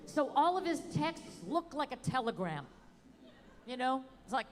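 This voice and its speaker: Lady comic doing stand-up, high voice, long reverb, faint crowd ambience behind. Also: moderate pace. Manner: wry, animated delivery with sung bits. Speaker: stand-up comedian. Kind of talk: stand-up set. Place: outdoor comedy show.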